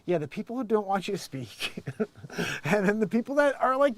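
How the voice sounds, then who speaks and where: A man hosts his own show in a loose, rambling way, joking as he goes. His voice sits a touch high for a man. He drops to quiet mutters, then jumps to loud bursts. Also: big pitch swings, moderate pace. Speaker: show host. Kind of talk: casual live-stream commentary.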